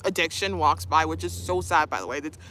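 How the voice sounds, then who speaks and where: A woman's voice: deep voice, a little fast, sharp tone, a little hiss or hum. A young woman streaming live, chatting casually, reading viewer comments, laughing often and cooing to her dog. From Canada.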